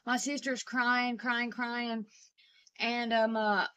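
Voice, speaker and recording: A woman vlogger telling a personal story in a halting way, with many pauses and restarts. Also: fairly high pitch, flat delivery, sharp tone, clear, resonant tone.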